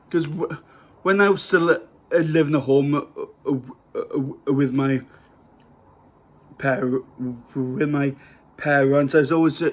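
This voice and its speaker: A man from Wales with a Welsh accent, talking casually to camera about his meal at home, rambling and hesitant with many fillers. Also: on the high side. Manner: rambling, hesitant, self-mocking. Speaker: vlogger. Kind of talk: casual to-camera food vlog.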